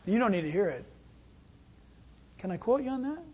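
A male pastor delivering a sermon in a folksy, conversational manner. His voice sits high and sounds somewhat husky. He slips easily into little acted asides. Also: sing-song, normal speed, darkish tone.

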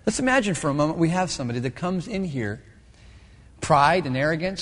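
A middle-aged male pastor preaching a sermon with animated storytelling, acting out voices and quotes. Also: a little high, fairly quick, big-room sound.

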